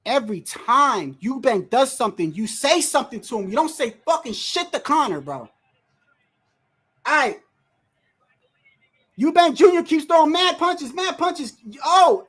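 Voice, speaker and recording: An extremely high-pitched livestream host, speaking at a moderate pace, reacts to a fight in real time, exclaiming often and swearing freely while speaking directly to the fighters and referee. Messages from viewers get read out loud.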